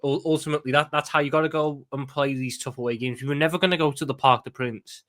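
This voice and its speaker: A man's voice: on the high side, fairly even intonation, very fast, fairly bright tone. A man giving an emphatic post-match reaction as a football fan pundit, often stumbling and restarting his sentences.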